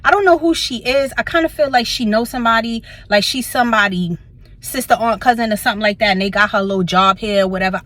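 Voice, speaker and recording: A woman's voice: fairly high pitch, fast talker, fairly bright tone, no room sound. A woman with a Brooklyn accent telling a workplace story in a casual vlog, sassy and blunt, swearing freely. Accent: Brooklyn, New York. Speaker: vlogger. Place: car in a parking lot.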